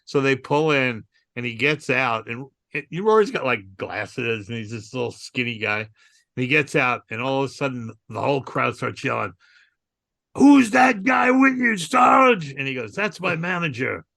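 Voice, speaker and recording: A man's voice: mid-range voice, normal speed, creaky, dry recording, studio quality. A man telling funny stories on a casual podcast, acting out the voices of the people in them. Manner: animated storyteller who acts out voices. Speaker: comedian co-host telling stories.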